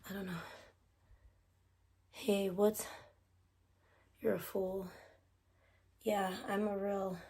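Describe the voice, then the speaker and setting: A woman streamer talks loosely to her viewers, rambling and easily distracted, with the odd casual swear. Her voice sits at a middle pitch for a woman. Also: level tone, extremely slow, pauses often, dark tone. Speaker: livestreamer. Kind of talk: casual live stream chat.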